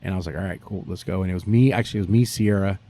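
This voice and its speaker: A man, a barbecue pitmaster telling stories in a profane, animated way during a casual interview. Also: low-pitched, very fast, slight background noise.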